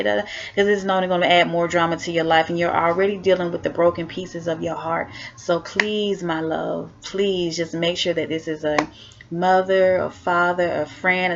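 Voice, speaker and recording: A woman vlogger giving heartfelt self-help advice, earnest and encouraging, repeating her key points. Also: lowish voice. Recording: dull lo-fi recording.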